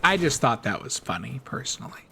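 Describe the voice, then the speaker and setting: A man chats loosely while he plays a game on stream, wandering from story to story and laughing as he goes. His pitch sits in the middle, and a faint hiss stays under the voice. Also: very animated, a little fast, vocal fry, sharp tone. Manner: rambling, chatty, laughs often. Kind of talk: casual chat while gaming.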